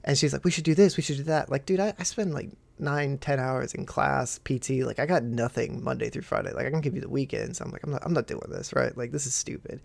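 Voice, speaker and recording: A man's voice: medium pitch, quick pace, gravelly, hardly any pauses, darkish tone, no echo. A man in his twenties, a podcast host, telling crude stories in casual chat and acting out the quotes.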